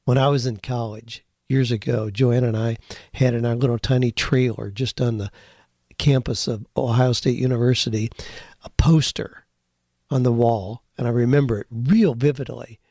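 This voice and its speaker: A man's voice: medium pitch, steady tone, normal speed, mellow, dry recording, studio quality. An older man hosting an advice podcast, answering listeners in an earnest, folksy, encouraging way and telling stories along the way. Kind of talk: conversational advice with storytelling.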